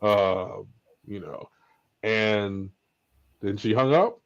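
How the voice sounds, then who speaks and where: A middle-aged man co-hosting a podcast, telling a story in a casual, lively way and acting out what people said. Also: fairly low pitch, extremely slow, vocal fry, dry recording. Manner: lively, animated storyteller who acts out quotes. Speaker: podcast co-host. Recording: slightly dull lo-fi audio, dry.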